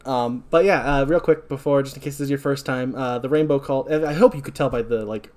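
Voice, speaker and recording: A man talks through an episode in easy podcast chat, his voice sitting at an ordinary middle pitch. He reads quoted lines plainly, then speeds up and pushes harder when a point riles him. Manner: reads episode notes and quotes dialogue flatly between asides; gets heated and fast when ranting. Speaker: podcast co-host. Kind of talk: casual podcast recap.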